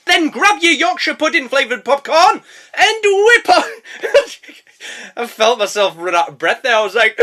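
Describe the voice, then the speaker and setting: A man recording comedy review outtakes, giggling, swearing and breaking into sudden loud silly outbursts. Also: extremely high pitch, very animated, normal speed.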